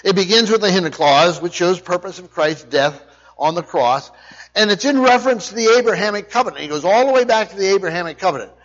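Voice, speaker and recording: Male preacher, high voice, explanatory teaching sermon, dull lo-fi sound. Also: lively intonation, fast. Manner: explanatory, questions to the congregation. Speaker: Bible teacher.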